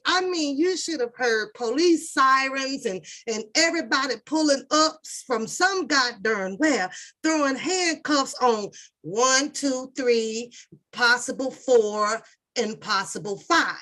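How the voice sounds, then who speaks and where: A woman's voice: sits high, expressive, slow, sharp tone. A woman hosting a casual livestream, greeting viewers in the chat by name and rambling through her thoughts with restarts. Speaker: livestream host.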